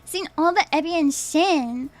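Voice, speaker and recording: A young adult woman with a high-pitched voice streams as a VTuber, speaking unhurriedly over loud background music. She chats playfully with viewers, reads their chat aloud, laughs a lot, and repeats her own phrases.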